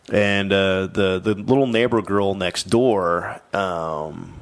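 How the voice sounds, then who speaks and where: A man's voice: deep voice, steady tone, unhurried, a bit bright. A man co-hosting a podcast, recounting a paranormal case in a rambling, casual way with lots of fillers and swearing. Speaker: podcast host. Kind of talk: casual storytelling podcast chat.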